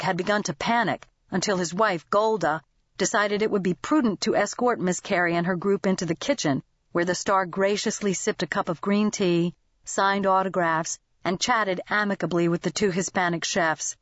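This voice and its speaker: A woman narrating a novel as an audiobook in a lively, expressive manner. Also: fairly low pitch, no room sound, highs cut off.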